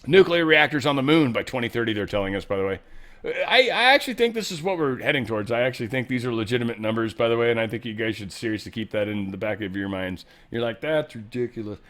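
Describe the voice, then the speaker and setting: A man's voice: lively intonation, fast. Rambling, joking male host. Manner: swings pitch and loudness a lot. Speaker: show host. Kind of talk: casual news commentary.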